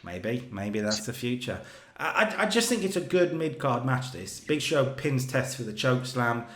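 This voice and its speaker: A man talking through a wrestling booking game, telling each segment like a story. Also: medium pitch. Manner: animated storytelling, voices characters in quick asides. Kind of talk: casual commentary over gameplay. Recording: echoey room.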